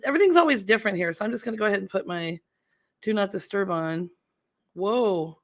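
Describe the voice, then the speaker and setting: A middle-aged woman chats casually on a livestream, rambling and laughing as she goes. Her voice sits at an ordinary pitch and sounds close and dry, with no room around it. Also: sharp tone, dry recording. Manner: chatty and rambling, laughs often, fumbles with settings. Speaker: livestream host.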